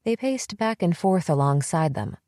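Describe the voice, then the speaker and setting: A woman reading a psychological thriller audiobook in steady, measured first-person narration. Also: fairly low pitch, no echo, clean studio sound.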